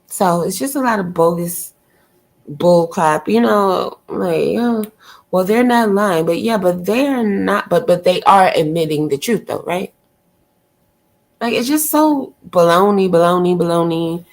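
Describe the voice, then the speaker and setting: A woman's voice: on the low side, animated, unhurried. A woman streamer ranting in blunt, exasperated commentary, firing off rhetorical questions and swearing freely. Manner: loud and gushing when she greets a viewer.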